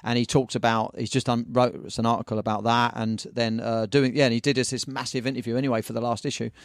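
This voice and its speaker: A man, a surf shop owner and magazine editor guesting on a podcast, telling animated, slangy stories in casual chat. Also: mid-range voice, quick pace, no echo, studio quality.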